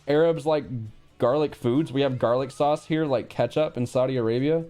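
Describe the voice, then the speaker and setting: A man chatting casually on a livestream, blunt and profane, quick to react. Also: mid-range voice, fairly even intonation, mellow, clear, resonant tone, soft background music. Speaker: streamer.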